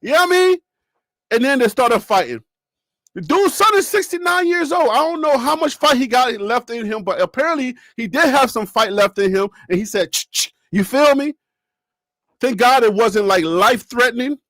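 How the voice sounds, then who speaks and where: A man with a strikingly high voice runs a loose sports talk segment. He rambles, jokes and keeps turning to the audience with rhetorical questions. The sound is dry and close. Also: animated, normal speed, a bit bright, dry recording. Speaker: sports talk show host. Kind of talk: casual sports talk commentary.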